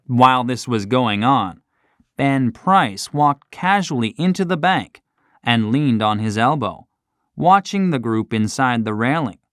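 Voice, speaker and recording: A man narrating a classic short story for children in a slow, expressive scripted reading. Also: medium pitch, no room sound, clean studio sound.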